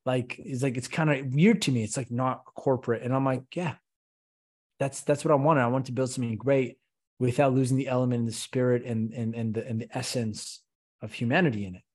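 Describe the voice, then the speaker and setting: A man speaking as a guest in a podcast interview, talking passionately and asking rhetorical questions, with mid-range pitch. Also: steady tone, brisk, darkish tone. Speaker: podcast guest, company CEO. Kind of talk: conversational interview.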